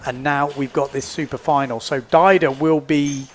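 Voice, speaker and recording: A man's voice: fairly high pitch, steady tone, moderate pace, a little hiss or hum. A man commentating live at a sports event, chatty and upbeat, often repeating himself as he thinks aloud. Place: indoors at a beachside event.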